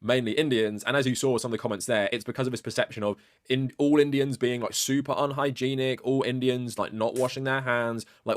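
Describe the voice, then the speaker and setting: A man's voice: medium pitch, dry recording, clean studio sound. A man giving casual video-essay commentary, talking conversationally with frequent fillers and rising stress on key points.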